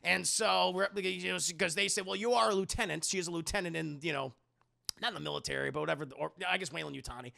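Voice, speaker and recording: A man's voice: on the high side, fairly even intonation, fast talker, creaky, pushed and bright. A man chatting casually on a live stream, reviewing a film scene by scene, swearing freely, and talking to his chat. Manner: profane, chatty, talks to chat.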